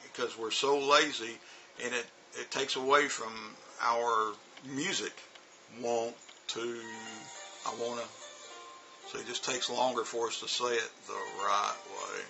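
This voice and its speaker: A man's voice: medium pitch, steady tone, unhurried, gravelly, pushed and bright, faint music behind, poor audio. Chatty man giving teaching tips. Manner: loose and chatty, demonstrating spoken examples. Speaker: English teacher. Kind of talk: casual teaching advice to teachers.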